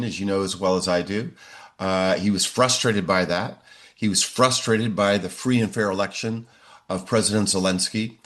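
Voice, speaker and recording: A man in his sixties, a professor answering interview questions in a measured way, often pausing on "uh". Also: on the low side, fairly bright tone. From United States. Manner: measured, frequent "uh" fillers.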